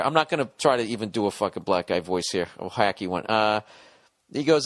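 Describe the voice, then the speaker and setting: A man's voice: medium pitch, quick pace, fairly bright tone, no room sound, clean studio sound. Wry, profane male podcast host. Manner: rambling, profane, wry asides. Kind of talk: reading and reacting to a listener letter.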